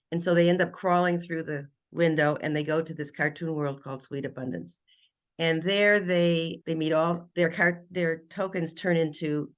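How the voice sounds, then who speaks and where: An older woman, a children's author, chatting in an interview and retelling her story in an animated way with frequent restarts. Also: deep voice. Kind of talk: casual interview chat.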